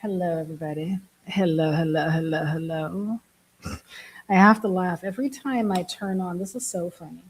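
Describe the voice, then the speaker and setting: A woman's voice: lowish voice, steady tone, normal speed, breathy edge, poor audio. A woman from Germany chatting casually to camera, laughing often and making fun of herself. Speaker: vlogger, app builder.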